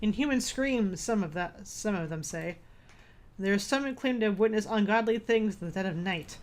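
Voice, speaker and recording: A woman's voice: medium pitch, normal speed, darkish tone, close to an everyday voice. A woman voicing a grim, vengeful old male fisherman in a game, reading the dialogue aloud with a few stumbles.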